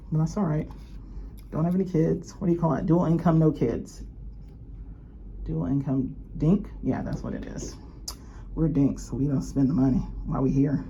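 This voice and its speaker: A woman's voice: low voice, moderate pace, long pauses, warm tone, highs cut off, a little hiss or hum. A woman chatting casually and rambling as she shows off her new jewelry, laughing often. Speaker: luxury unboxing vlogger. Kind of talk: casual show-and-tell chat.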